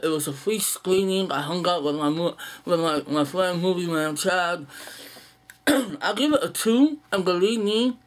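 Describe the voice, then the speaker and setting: A young man with a slightly high voice, rambling through an unedited list in a casual monologue. He is blunt and profane, sighing and stalling with fillers as he goes. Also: slight background noise. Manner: blunt, profane, dismissive opinions; sighs and halting fillers. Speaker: movie vlogger.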